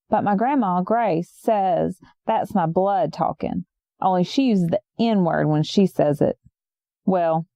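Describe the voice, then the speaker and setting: A woman's voice: mid-range voice, warm tone, no room sound, studio quality. A young woman reading a first-person story in a folksy, chatty, rambling way.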